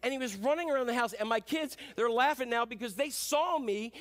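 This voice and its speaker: High-voiced, folksy preacher man in his fifties. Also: a little fast, hardly any pauses, a bit bright. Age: 50s. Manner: self-deprecating, folksy storytelling with many fillers. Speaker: pastor. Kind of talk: sermon.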